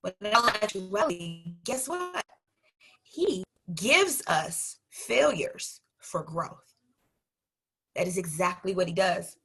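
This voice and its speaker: Woman motivational coach, bright and husky, emphatic preacher-style delivery. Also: mid-range voice, big pitch swings, takes it slowly. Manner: emphatic, preacher-like, rhetorical questions to listeners. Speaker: life coach. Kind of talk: motivational talk.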